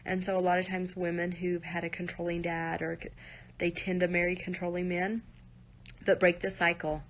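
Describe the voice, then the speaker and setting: A woman's voice: on the low side, level tone, normal speed. A woman on a live stream, talking to viewers in an earnest, direct way and often saying "you guys" and "like". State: near tears at times.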